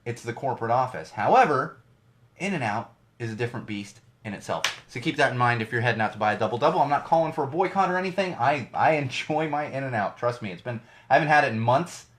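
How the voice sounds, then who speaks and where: A man's voice: medium pitch, expressive, fast talker, a bit bright, slight background noise. A middle-aged man hosting his own podcast from a home studio, giving ranty, digressive solo commentary with lots of emphasis. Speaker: podcast host.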